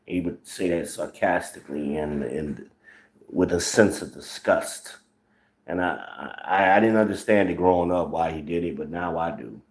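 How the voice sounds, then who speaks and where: A man in his forties, originally from the northern United States, delivers blunt, profane social commentary as a channel host. His voice sits on the low side, and his sarcasm comes through clearly. The recording has a noticeable room echo. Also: moderate pace.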